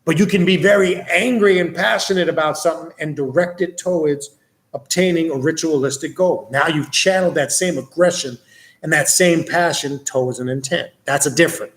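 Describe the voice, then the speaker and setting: A man with a voice on the higher side hosts a casual livestream and answers viewers' questions as they come in. He talks bluntly and swears freely. When he tells a story he gets animated and plays out the scene. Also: a little fast, echoey room.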